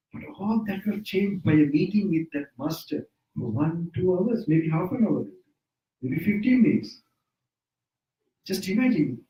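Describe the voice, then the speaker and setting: Sitting high with a dark tone, this man's voice belongs to a Sri Lankan Buddhist monk teaching informally indoors at a home. He chuckles frequently and corrects himself along the way, recorded with a distant mic in a roomy space.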